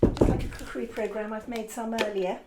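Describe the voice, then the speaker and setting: Woman art tutor, slightly high voice, casual and self-correcting, noisy home recording. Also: fairly even intonation, fairly quick. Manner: rambling, encouraging, self-correcting. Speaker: art teacher. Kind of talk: casual demonstration lesson.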